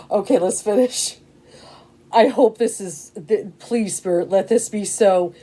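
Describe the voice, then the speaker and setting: A woman giving a casual tarot reading to camera, emotional and excitable, rambling with many fillers and frequent "okay?" checks. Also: mid-range voice, unhurried, husky. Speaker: tarot reader.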